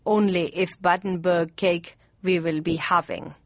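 For an audiobook, a woman with a fairly low, steady voice plays a pompous, hot-tempered old German chancellor whose formal speech is stiff and jumbled. She blusters slowly, heavily and deliberately in a dry, slightly dull studio read with no echo.

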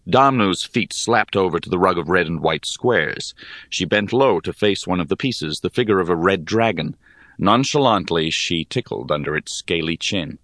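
A man reading a story aloud in measured, expressive narration. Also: deep voice, no room sound, clean studio sound. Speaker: audiobook narrator. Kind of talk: scripted narration.

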